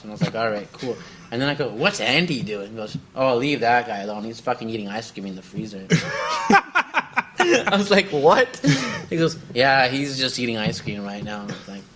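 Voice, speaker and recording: A man's voice: mid-range voice, a bit bright, a little hiss or hum. Rambling young man telling workplace stories. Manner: rambling storyteller, acts out quoted coworkers, laughs often. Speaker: podcast co-host. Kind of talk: casual chat.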